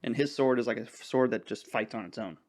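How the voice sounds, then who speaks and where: A man's voice: medium pitch, fast talker, darkish tone. A young man co-hosting a podcast in casual chat, laid-back and laughing often, acting out little quotes. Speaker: podcast co-host.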